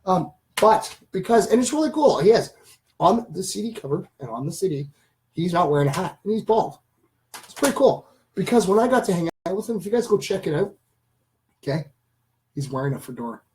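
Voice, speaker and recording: A man hosting a casual live stream, rambling enthusiastically to his viewers and addressing them as ladies and gentlemen. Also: high-pitched, big pitch swings, fairly quick, low-quality recording. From Canada. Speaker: channel host.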